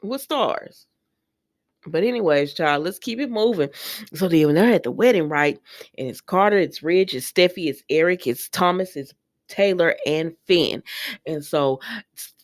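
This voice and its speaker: A woman giving a casual, animated recap of a soap opera, speaking straight to her viewers with slangy asides. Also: on the low side, normal speed.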